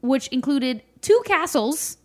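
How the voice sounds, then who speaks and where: A young woman co-hosting a podcast in easy, casual chat. Her voice sits a little high and she tells stories with animated, playful delivery. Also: slow pace. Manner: animated storyteller, plays with voices. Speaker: podcast co-host.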